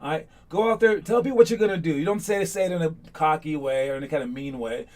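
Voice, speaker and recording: A man coaching basketball students, talking in a chatty, energetic and motivational way and checking in with "all right?". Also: on the high side, fast talker. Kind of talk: casual motivational talk to students.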